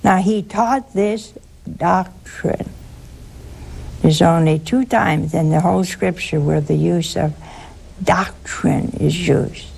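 An older woman with a gravelly voice speaks at a very slow, deliberate pace. She hosts a call-in religious show and teaches scripture to a caller, and she stresses her main points by repeating them. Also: fairly low pitch, a little mellow. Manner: slow, emphatic, repeats key phrases. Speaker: host answering a caller.

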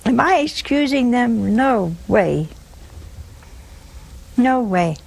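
An older woman speaks slowly and deliberately, offering earnest spiritual counsel to callers. She often doubles back on her words for emphasis. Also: on the high side, lively intonation, gravelly, darkish tone, breathy edge, low-quality recording. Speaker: religious call-in show host. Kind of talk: spiritual counsel on a call-in show.

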